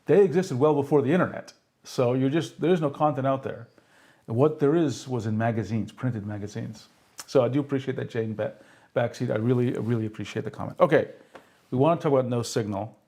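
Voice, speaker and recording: A man's voice: mid-range voice, a little fast, warm tone. A man hosting a live tech stream, explaining hardware step by step and checking in with the audience. He laughs at himself when a demo fails. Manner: explanatory, keeps checking in with "okay?" and "right?"; self-deprecating when a demo goes wrong. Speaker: tech streamer demonstrating pen displays.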